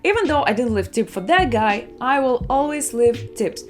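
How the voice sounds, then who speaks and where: A woman's voice: on the high side, lively intonation, moderate pace, faint music behind. A woman vlogger talking casually to her viewers, chatty and storytelling, acting out other people's lines. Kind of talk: casual travel vlog talk.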